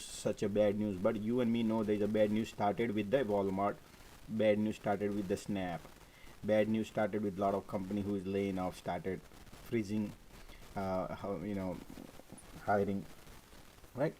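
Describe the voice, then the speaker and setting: A man hosting a casual stock market live stream, animated and repetitive, often checking "right?" with his viewers. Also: fairly low pitch, measured pace, pauses often, slight background noise, poor audio. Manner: animated, repeats words, frequent "right?" and "guys". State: coughing, choked up at times.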